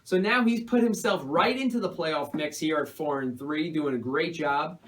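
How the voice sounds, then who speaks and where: A man's voice: a little high, normal speed, rough recording. A man hosting a casual sports league recap, chatty and upbeat with lots of sports banter. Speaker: host.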